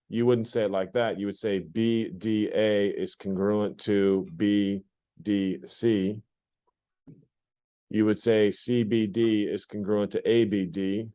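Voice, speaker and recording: With a lowish, warm voice that is clear and resonant, a man teaches geometry to a class. He is a plainspoken math teacher who often goes back over points and poses questions to students.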